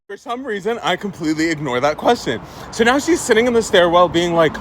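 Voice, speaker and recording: Sex: man. Origin: Egypt. Style: casual storytime vlog, chatty, full of "like" and "right?". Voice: high, swooping pitch. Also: quick pace, a little hiss or hum. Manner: chatty, animated, heavy use of "like" and "right?".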